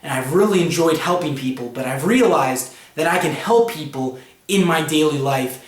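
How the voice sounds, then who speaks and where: A man's voice: fairly high pitch, normal speed, lightly acted. A man voicing a young robot hero, speaking earnestly in his own everyday voice, in a roomy echo.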